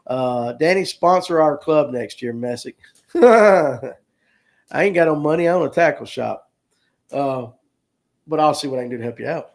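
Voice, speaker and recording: Guy chatting on a fishing stream, folksy, jokes with viewers, voice a bit high. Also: gravelly. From North Georgia, US. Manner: folksy, joking, talks to viewers by name. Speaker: host of a fishing livestream show. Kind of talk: casual livestream chat reading comments.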